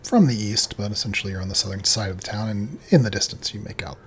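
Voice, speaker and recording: A man with a fairly low voice narrates as game master, loose and hesitant, pausing often. A faint hiss runs under him. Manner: loose, hesitant, full of ums.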